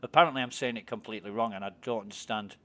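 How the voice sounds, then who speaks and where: His voice is on the low side and a bit bright, and he races along as he talks. The English gamer spins rambling anecdotes during casual stream chat, swearing freely and quick to laugh.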